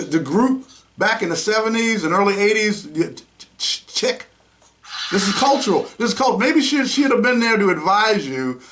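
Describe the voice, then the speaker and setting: A male host delivers heated, mocking commentary. His voice sits high and swings widely as he rants. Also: a bit bright. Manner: indignant, mocking, name-calling rants. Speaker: podcast host.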